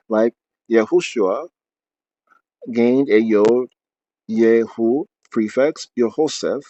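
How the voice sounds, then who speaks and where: A man's voice: mid-range voice, a little mellow, no echo. A man reading aloud from his book, then explaining at length off the cuff with many fillers and restarts.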